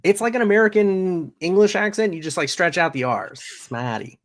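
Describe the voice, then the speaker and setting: A man's voice: high-pitched, animated, brisk. A man co-hosting a live pop culture show, dropping dry quips and then reading out the news. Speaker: co-host.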